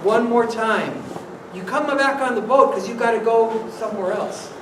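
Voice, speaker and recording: Playful priest telling a children's story. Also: male voice, high-pitched, normal speed. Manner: playful, animated, coaxing children with questions. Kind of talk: children's story during a church service. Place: church sanctuary. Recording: echoey church from far off, noisy.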